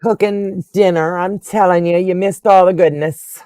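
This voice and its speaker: A woman's voice: on the low side, fairly even intonation, moderate pace, warm tone, no echo. An older woman hosting a quilting livestream, chatting casually and gushing affectionately over viewers' comments.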